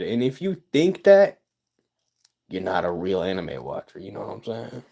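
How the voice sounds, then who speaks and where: A man's voice: fairly low pitch, wildly swooping pitch, moderate pace, creaky, dark tone. A man, chatting casually with livestream viewers, rambling with stammers and sarcastic asides.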